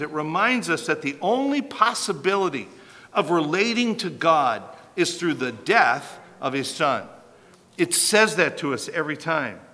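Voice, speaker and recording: A pastor delivers a sermon, hammering points home through repetition and questions to the congregation. His voice sits a little high and rings bright and forceful. A long reverb from the church hall trails every phrase.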